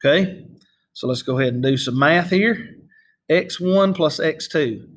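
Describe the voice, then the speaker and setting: A man's voice: medium pitch, normal speed. A man teaching a math lesson over a screen recording, explaining step by step in a patient way and often checking in with "okay?".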